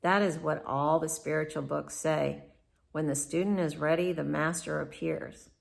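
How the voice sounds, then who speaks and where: Female memoir narrator with a deep register and strong fry, candid and reflective. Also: fairly even intonation, moderate pace. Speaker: memoir author. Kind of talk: first-person memoir narration.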